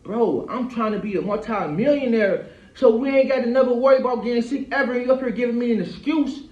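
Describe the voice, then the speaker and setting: A man in his thirties with a fairly high voice rambles through a profane, heated monologue. He keeps checking in with his listener as he talks. His voice carries a roomy echo on a dull, lo-fi recording. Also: fairly quick. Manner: rambling, profane, keeps asking "you feel me". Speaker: vlogger. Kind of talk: casual venting monologue. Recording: echoey dull lo-fi room.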